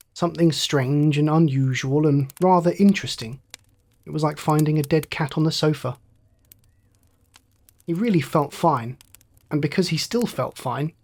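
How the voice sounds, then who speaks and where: A man reading a bedtime story aloud in a slow, measured, soothing manner. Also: fairly high pitch, darkish tone, slightly rough.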